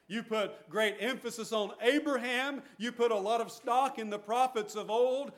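High-voiced man preaching a sermon. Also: normal speed, few pauses, fairly bright tone. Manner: earnest preaching with restarts, reads scripture aloud. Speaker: pastor.

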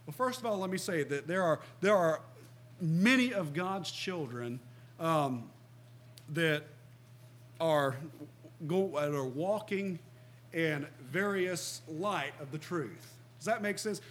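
A middle-aged man preaches with a high-pitched voice. He is earnest and emphatic, reads passages of scripture aloud and stops to ask his listeners questions. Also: animated, slow, fairly bright tone. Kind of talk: sermon.

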